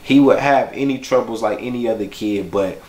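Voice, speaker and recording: A man with a fairly low voice talks through memories in a relaxed, slangy, heartfelt way. His words carry a noticeable roomy echo, like a documentary interview recorded in an open space. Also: moderate pace. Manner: casual, reflective, heartfelt, slangy. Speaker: bereaved father recalling his son. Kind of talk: documentary interview, personal storytelling.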